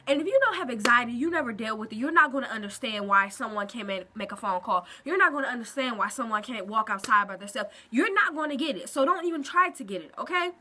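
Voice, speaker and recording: Bright, expressive young woman vlogging. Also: fairly high pitch, slight background noise. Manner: expressive, animated storytelling with quick asides. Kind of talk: casual vlog talk to camera. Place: at home, indoors.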